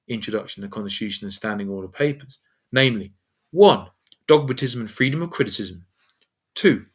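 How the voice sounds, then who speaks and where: A man's voice: mid-range voice, a bit bright. Wordy, digressive man. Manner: wordy, digressive, formal phrasing. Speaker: channel host. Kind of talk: spoken political essay.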